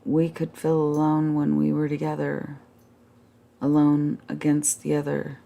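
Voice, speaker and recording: A woman reading a classic novel aloud as a calm, measured bedtime story. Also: sits low, gravelly.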